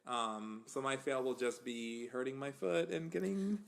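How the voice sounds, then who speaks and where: Brief: woman co-host, very low pitch for a woman, supportive listener, short reactions. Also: unhurried, vocal fry. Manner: brief supportive reactions, soft sympathetic interjections. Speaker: podcast co-host, teacher. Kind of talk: casual podcast chat.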